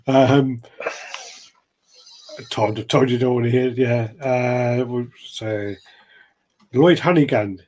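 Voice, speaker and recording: A man's voice: medium pitch, very slow, pauses often, darkish tone, a little hiss or hum, low-quality recording. A man with a nasal voice, hosting a casual, rambling live chat. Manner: chatty, rambling, swears. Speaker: host.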